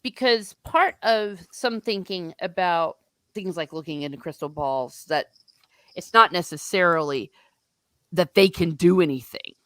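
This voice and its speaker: A woman's voice: fairly low pitch, a little slow, a bit bright, dry recording. Chatty woman host, casual book talk, dry close sound. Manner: chatty, lots of likes and laughs. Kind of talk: casual book chat, reading chat aloud.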